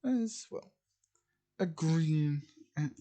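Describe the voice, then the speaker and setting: A man's voice: a little high, lively intonation, extremely slow, dark tone. A man casually narrating a fan fiction story in a rambling, repetitive way. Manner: rambling, repeats "as ... would just".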